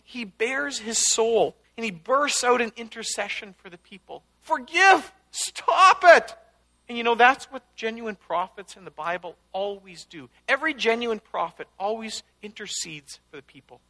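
A man's voice: sits high, bright, forceful tone. A man preaching a conversational sermon, teaching casually and breaking into emphatic outbursts. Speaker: pastor.

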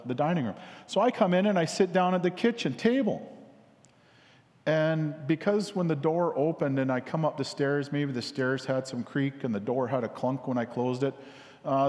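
A man's voice: a little high, darkish tone. Rambling man in an echoing hall. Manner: repetitive, casual, many fillers. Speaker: speaker telling a parable. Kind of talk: rambling storytelling sermon. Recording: long hall reverb.

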